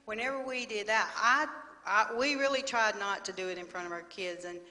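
Bright-voiced woman in a church hall. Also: mid-range voice, a little fast. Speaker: pastor's wife. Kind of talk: sermon conversation. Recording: long reverb of a large church hall.

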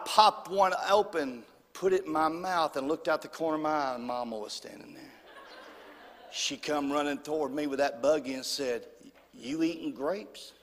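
Southern man, preacher, folksy animated storytelling, high voice, long hall reverb. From Alabama. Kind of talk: storytelling sermon.

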